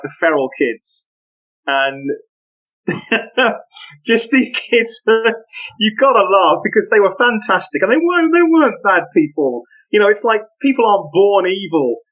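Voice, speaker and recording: Brief: male podcast guest, higher voice, animated anecdotes, muffled lo-fi sound. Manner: animated, laughing, full of anecdotes. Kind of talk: casual storytelling interview.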